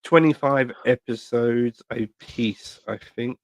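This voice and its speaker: A man's voice: medium pitch, slow pace, no echo. Rambling, swearing man in casual chat. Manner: rambling, animated storytelling, heavy swearing, lots of fillers. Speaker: podcast co-host.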